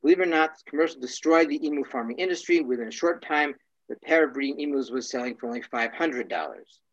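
A man teaching a casual class, wry and joking, often clearing his throat. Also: medium pitch, expressive, fast, highs cut off.

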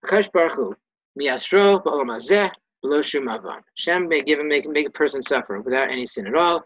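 A slightly high, expressive, fairly bright male voice moves briskly through a dry, lo-fi recording. He runs a Torah study lesson, reading out Hebrew and Aramaic phrases one by one and translating them simply, with casual self-corrections.

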